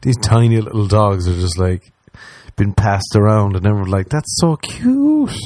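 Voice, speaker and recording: A man's voice: fairly low pitch, normal speed, dry recording. Sweary man on a comedic rant. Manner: sweary, animated, mocking impressions of others.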